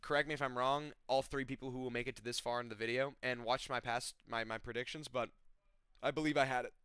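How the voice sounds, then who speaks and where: Bright, crisp young man ranting about fights. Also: medium pitch, steady tone, quick pace, no echo, clean studio sound. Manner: rambling, profane, self-correcting. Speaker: MMA fight reviewer. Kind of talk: casual fight recap.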